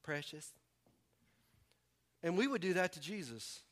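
A man from the preaching a sermon, animated and acting out voices with humor. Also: on the high side, normal speed. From American South. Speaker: pastor.

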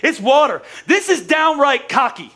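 A man, a pastor preaching a lively, joking sermon in a church service, repeating phrases for emphasis. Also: very high-pitched, normal speed.

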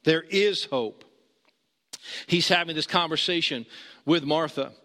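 A man preaching a sermon as pastor, earnest, rising high when he urges and dropping low and slow for emphasis. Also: bright, forceful tone, in a large hall.

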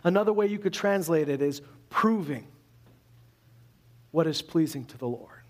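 High-voiced man preaching a lively sermon. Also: normal speed. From Canada. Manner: conversational, animated preaching with rhetorical questions. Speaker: pastor.

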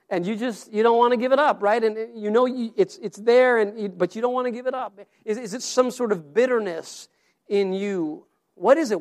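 A pastor preaches an earnest, story-driven sermon, frequently repeating his words as he goes. His voice sits high with a darkish tone.

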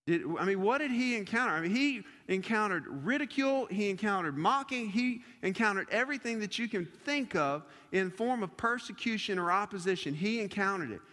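A man's voice: high voice, a bit bright, in a large hall. A man preaching a sermon to a church congregation, driving points home with repetition and rhetorical questions. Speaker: pastor. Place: church service before a congregation.

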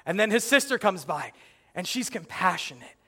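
A young man performing a stand-up comedy routine, telling animated stories and acting out his own reactions. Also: high voice, moderate pace, slightly rough. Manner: animated storytelling, acts out yelling at the screen.

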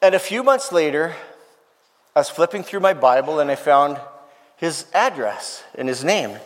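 A man's voice: a little high, very animated, normal speed. A man telling an emotional story in a sermon, earnest and heartfelt, acting out the voices of the people he quotes. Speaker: preacher. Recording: long hall reverb.

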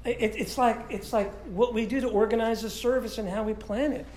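A man preaching a sermon as pastor, stuffy-nosed and congested, in a lively, conversational way with many restarts. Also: high-pitched, moderate pace, reverberant. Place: church sanctuary.

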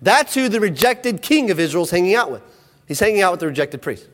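Male preacher, high voice, lively animated delivery, energetic storytelling, long hall echo. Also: fast talker. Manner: energetic storytelling, acts out quotes, asks the audience. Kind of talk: sermon.

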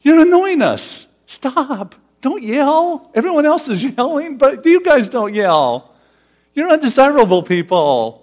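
A man voicing an irritated crowd that scolds two beggars to be quiet. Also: extremely high pitch, sing-song, measured pace, voice pushed up, full character voice. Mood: scornful. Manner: scolding, dismissive.

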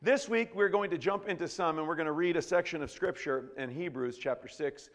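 Pastor guy preaching, jokey and loose, kinda high voice, big echoey church. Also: a little fast. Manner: jokey, conversational, with many restarts. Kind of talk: sermon. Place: church sanctuary. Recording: long reverb in a church hall.

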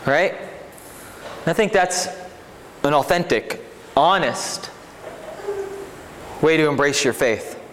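A man's voice: fairly high pitch, animated, slow pace, pauses often, fairly bright tone, in a large hall, slight background noise. A man preaching a sermon as pastor in a conversational way, often checking in with his listeners. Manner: conversational, asks 'right?' often.

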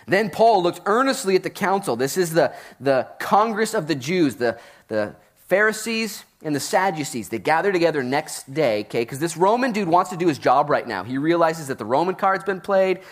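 A man preaching a Bible-teaching sermon in a casual, animated way, with jokey asides. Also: a little high, moderate pace. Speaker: pastor.

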